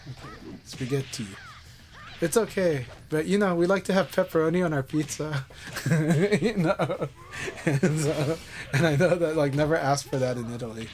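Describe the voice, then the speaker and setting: A man's voice: on the high side, moderate pace, darkish tone, soft background music. A man live-streaming a fighting game, chatting casually and encouragingly with viewers.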